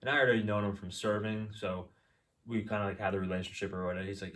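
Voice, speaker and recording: A man co-hosting a podcast, telling animated stories in casual chat, swearing and acting out the people in them. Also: fairly low pitch, quick pace, recorded from a distance. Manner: animated storyteller, swearing, acts out voices. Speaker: podcast co-host.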